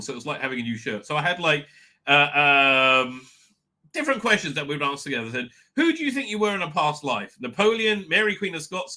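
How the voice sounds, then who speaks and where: Middle-aged man hosting a livestream, rambling and chatty, with a fairly high and very bright voice. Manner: rambling, chatty, many fillers and restarts. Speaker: livestream host. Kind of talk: casual livestream chat. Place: home office.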